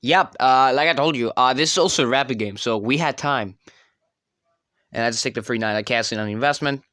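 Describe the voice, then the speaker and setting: Male commentator with a bright, crisp voice. Rambling and self-correcting. Dry, close mic. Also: medium pitch, fairly quick, no room sound. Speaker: chess channel creator. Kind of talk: casual game commentary.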